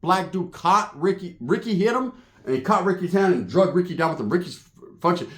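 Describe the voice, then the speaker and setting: A man from Northern California tells a profane, comedic street story, slangy and animated, complete with acted-out sound effects. His voice sits high and his pace is brisk.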